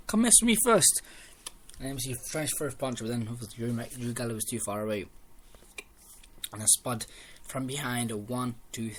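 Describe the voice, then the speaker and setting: A man giving a casual spoken review of a wrestling show, rambling and excitable, restarting sentences as he retells the matches. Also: mid-range voice, a little hiss or hum. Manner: rambling, excitable recap with restarts and quoted lines.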